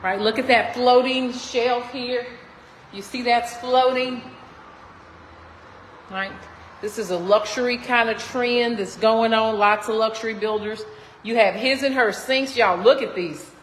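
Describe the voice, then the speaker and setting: A chatty woman realtor leads a slow, unhurried walkthrough of a home still under construction, exclaiming over features and calling viewers y'all. Her voice sits a little high for a woman. It rings with the long echo of bare, empty rooms, and faint construction noise runs behind it on a phone recording. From Texas. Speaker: realtor touring a model home. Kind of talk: walkthrough home tour vlog.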